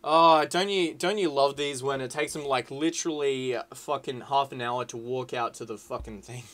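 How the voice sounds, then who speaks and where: A young man giving casual, excitable, sweary commentary over a football management game. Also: medium pitch, normal speed. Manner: excitable, sweary, shouts at the screen. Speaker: gaming YouTuber.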